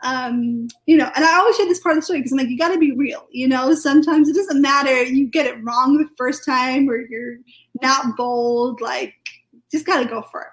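A British woman, a podcast guest, telling a personal testimony in a chatty, lively way full of fillers. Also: high-pitched, a little fast, poor audio. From United Kingdom.

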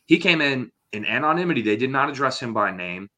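A man co-hosting a podcast who explains things in a measured, conversational way. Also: medium pitch, lively intonation, bright, forceful tone. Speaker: podcast co-host. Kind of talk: casual chat.

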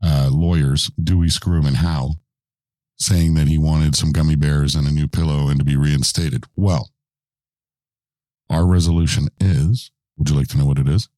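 With an extremely low, dark and mellow voice, a man runs the show through easygoing, teasing exchanges, repeatedly nudging his co-host with questions. He keeps a steady tone at a moderate pace. The sound is dry and intimate, backed by faint music.

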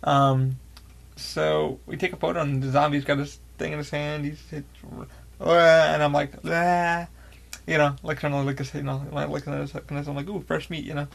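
Gravelly excitable man telling a story. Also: fairly high pitch, moderate pace. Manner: excitable, heavy swearing, rambling with many fillers. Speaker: podcast host. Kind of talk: casual storytelling.

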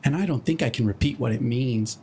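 A man voicing a shy, gentle female pony in a storybook reading, speaking timidly. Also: medium pitch, brisk, a little hiss or hum, natural voice.

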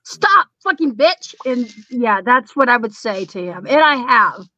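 A woman's voice: fairly high pitch, unhurried, sharp tone, no echo, dull audio. A woman chatting casually and bluntly on a comedy panel, cursing freely and laughing between remarks. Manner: profane, giggly, blunt.

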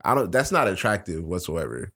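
A man's voice: deep voice, fairly quick, creaky, breathy edge. A man co-hosting a podcast in casual chat, telling stories with lots of cursing and laughter. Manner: animated storytelling, cursing and laughing. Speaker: podcast co-host.

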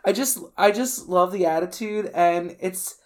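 A woman's voice: on the low side, unhurried, a little mellow. A woman talks about a favorite film character with eager enthusiasm. She is blunt and swears freely in a casual chat. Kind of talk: casual movie discussion.

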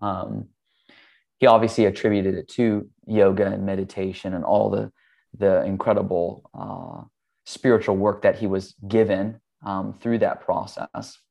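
A man's voice: deep voice, fairly even intonation, unhurried, vocal fry, a little mellow. A man, a podcast guest, earnestly telling a long family story in a rambling way, with frequent ums. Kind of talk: casual storytelling.

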